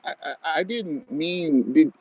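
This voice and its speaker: A man voicing his amused, disbelieving older father in a retold story, recorded as muffled audio with loud gunfire. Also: fairly high pitch, animated, slow, heavy background noise, pitched above the performer's own voice. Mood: incredulous. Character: laughing, incredulous older father.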